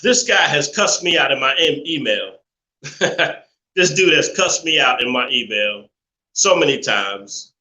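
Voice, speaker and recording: A man's voice: mid-range voice, lively intonation, bright, forceful tone, echoey room, poor audio. Opinionated man hosting a live call-in stream. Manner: preachy, opinionated, laughs often, drawn-out emphasis. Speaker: live show host.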